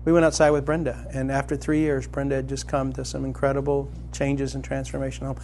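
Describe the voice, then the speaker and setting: A middle-aged man preaching a sermon as a pastor, telling a personal story and climbing to loud, excited emphasis. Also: mid-range voice, a little fast, a little hiss or hum.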